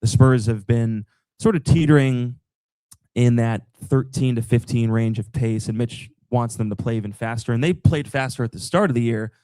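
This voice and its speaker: A young man from the Boston area with no Boston accent, a team TV analyst telling stories and breaking down basketball as a guest on a live podcast, animated and quick with asides. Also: mid-range voice, no echo. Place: live show with audience.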